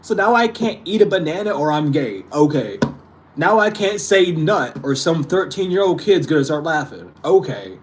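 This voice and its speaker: A man's voice: on the high side, sing-song, moderate pace, a little hiss or hum. A young man hosting his channel, ranting casually with exasperation, frequent swearing and laughter. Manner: exasperated, profane, laughing often. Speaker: spiritual channel host.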